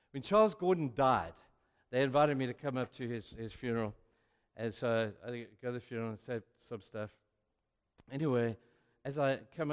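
A male pastor preaching a sermon, telling stories with sudden swings between hushed and loud. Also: medium pitch. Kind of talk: sermon with storytelling. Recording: long reverb of a large hall.

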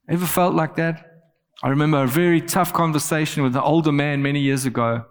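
A man's voice: a little high, fast. Earnest male preacher with long reverb. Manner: earnest, animated when quoting scripture. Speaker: pastor. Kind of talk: sermon.

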